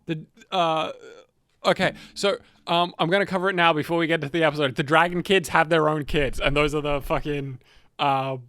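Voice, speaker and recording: A man's voice: a little high, fairly even intonation, moderate pace, a bit bright, no room sound. A man co-hosting a podcast, telling fantasy lore in a rambling, profane, joking way. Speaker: podcast co-host narrating lore. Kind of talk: casual lore chat.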